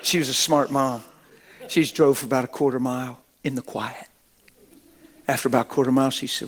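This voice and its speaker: A middle-aged male pastor preaching with folksy exuberance, laughing between his points. His voice sits at an ordinary pitch for a man. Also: steady tone, a little fast, long pauses. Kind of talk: sermon.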